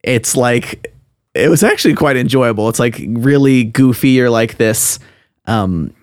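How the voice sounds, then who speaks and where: A man's voice: a little slow, a little mellow, dry recording. A young man talks loosely about games he has played, filling gaps with "like" and "uh". His voice sits in a middle register. The sound is dry and close. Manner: rambling, many fillers, acts out game lines in a high voice. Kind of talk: casual chat about games.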